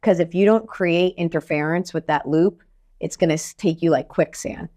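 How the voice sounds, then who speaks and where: A woman mental skills coach talking in a podcast interview, energetic and blunt, telling stories with casual swearing. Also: lowish voice, moderate pace.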